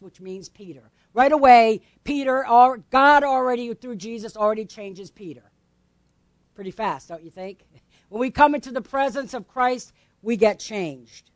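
A woman pastor delivers her sermon in a relaxed, conversational way. She keeps turning questions back to the congregation. Her voice sits high, and the recording is close and dry. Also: normal speed, dry recording. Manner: conversational, asks the congregation questions, laughs lightly.

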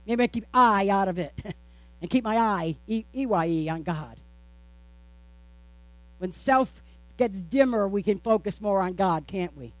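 A woman pastor preaching a sermon, with a steady, repetitive preaching cadence, rhetorical questions and playful, self-teasing asides. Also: mid-range voice, slow pace, pauses often, no echo.

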